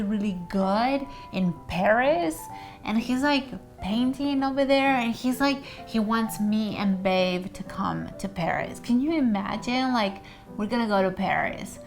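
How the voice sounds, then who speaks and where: A woman's voice: on the high side, unhurried, soft background music. A young woman retelling a play casually and profanely, packing her speech with "like" fillers. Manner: valley-girl filler talk with constant "like". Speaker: storyteller.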